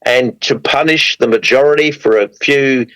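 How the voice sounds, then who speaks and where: A man's voice: medium pitch, moderate pace, a bit bright, rough recording. A man speaking as a guest on a football panel, blunt and indignant. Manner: blunt, indignant, mildly swearing.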